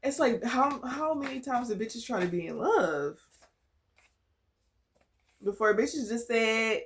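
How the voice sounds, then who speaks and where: A woman's voice: on the high side, animated, slow, a little hiss or hum. Blunt, chatty woman reading tarot. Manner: chatty, blunt and profane, laughs often, swings from quiet musing to loud emphatic bursts. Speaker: tarot reader. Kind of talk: casual collective tarot reading.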